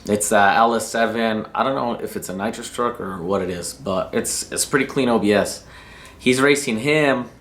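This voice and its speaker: A man's voice: on the low side, normal speed, fairly bright tone, slight background noise. A man from New Mexico casually telling a story about drag racing, slangy and rambling and cursing freely. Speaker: racing vlogger.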